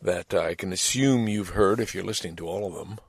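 A man's voice: sits low, fairly quick, breathy edge, no room sound, clean studio sound. A man talking alone on his own podcast, rambling and reflective, often restarting his sentences. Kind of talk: casual solo podcast monologue.

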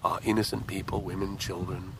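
A man hosting a show, delivering an angry, impassioned solo monologue full of halting restarts. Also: sits low, flat delivery, vocal fry, a crowd in the background. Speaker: show host.

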